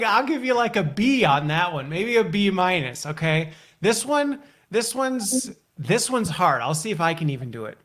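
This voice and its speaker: Upbeat guy hosting a live stream, kinda high voice, jokey and laughing a lot. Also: very animated, normal speed, hardly any pauses, a bit bright. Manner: upbeat, laughs often, playful teasing. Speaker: host. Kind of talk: casual live show chat.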